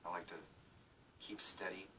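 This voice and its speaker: Profane, deep-voiced man rambling at home. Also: little pitch movement, moderate pace, pushed and bright, far from the mic, a little hiss or hum, rough recording. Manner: profane, self-mocking, muttering. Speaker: vlogger. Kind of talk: casual rambling video diary. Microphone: phone camera.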